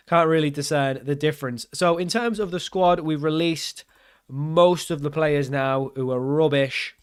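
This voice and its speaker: A young man hosting a gaming channel talks through a management game as he plays, thinking aloud, often puzzled by the rules and poking fun at himself. His voice sits at an ordinary middle pitch and is recorded close and dry, with no room sound.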